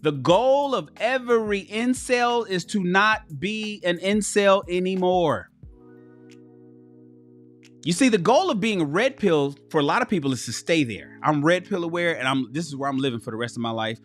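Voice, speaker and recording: A man hosts a livestream in a fairly high, lively voice, swinging his pitch around as he talks. He swears freely and breaks into impressions of the people he quotes. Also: normal speed, faint music behind. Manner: animated, profane, acts out quoted people. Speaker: host. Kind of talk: livestream commentary.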